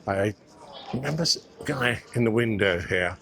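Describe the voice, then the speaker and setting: A man's voice: fairly low pitch, lively intonation, moderate pace, fairly bright tone. Chatty man on a walking tour. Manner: chatty, musing aloud, addresses viewers as guys. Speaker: vlogger. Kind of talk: casual walking-tour commentary. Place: outdoors on city streets. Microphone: clip mic under his coat.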